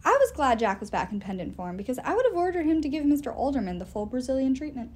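A woman reading a novel aloud in an expressive, animated storytelling way. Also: high-pitched, quick pace. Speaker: reader.

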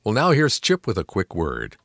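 A man announcing a radio program, reading promotional copy in a smooth, upbeat way. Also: on the low side, moderate pace, no room sound, clean studio sound. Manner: smooth, promotional, lively delivery.

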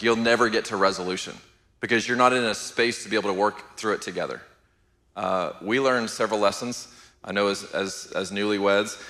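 A middle-aged man, teaching a church marriage class in a steady, even-keeled, conversational way. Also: fairly low pitch, in a large hall. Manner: steady, even-keeled, asks the room "how many know".

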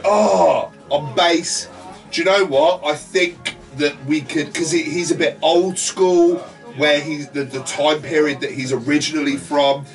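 A man's voice: fairly high pitch, steady tone, measured pace, recorded from a distance, faint music behind. A man co-hosting a horror podcast, chatting casually, swearing a lot and rambling enthusiastically. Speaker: podcast co-host. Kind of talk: casual chat.

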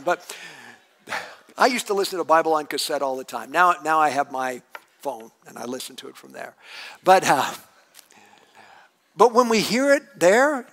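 A middle-aged man delivers a sermon from the pulpit. His voice sits fairly high and swings widely in pitch, now and then climbing into loud, acted outbursts. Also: normal speed. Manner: animated, acts out a furious prayer in a raised voice. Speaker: lead pastor.

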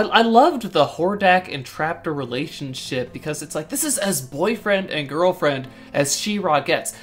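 A podcast co-host in casual discussion, playful and retelling scenes in quick bursts. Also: mid-range voice, a bit bright.

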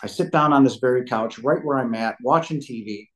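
A man's voice: mid-range voice, fairly quick, poor audio. A man in his fifties, a podcast guest telling a personal story at home, rambling and often saying "you know". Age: 50s. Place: living room couch at home.

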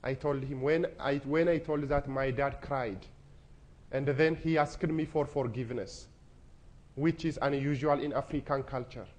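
A man's voice: mid-range voice, fairly even intonation, normal speed, darkish tone. A young man from Ethiopia, giving an earnest, emotional personal testimony to an audience. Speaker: speaker.

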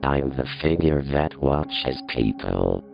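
An ominous robotic watcher, speaking in an extremely deep, gravelly, distorted voice. It drags out every word with slow menace, and the sound comes through dull and lo-fi. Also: male voice, lively intonation, soft background music, heavily acted. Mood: menacing. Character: ominous demonic robotic watcher figure, male. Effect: distorted robot filter.

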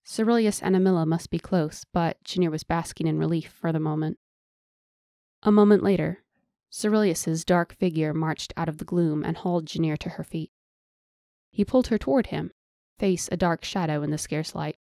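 Low-voiced woman narrating a fantasy. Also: warm tone, no echo, clean studio sound. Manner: measured storytelling. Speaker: audiobook narrator.

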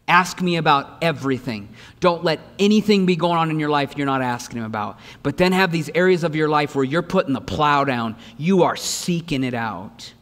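High-ish voiced guy preaching, lively, keeps asking the crowd questions, big echoey church. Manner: energetic preaching with repeated rhetorical questions; acts out voices in quoted lines. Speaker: pastor. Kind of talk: sermon. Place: church sanctuary.

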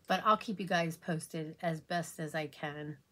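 A woman's voice: deep voice, steady tone, a little slow, fairly bright tone. A woman beauty vlogger chatting casually while doing her makeup, rambling and confiding as she talks. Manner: rambling and confiding, many fillers like "you know what I mean".

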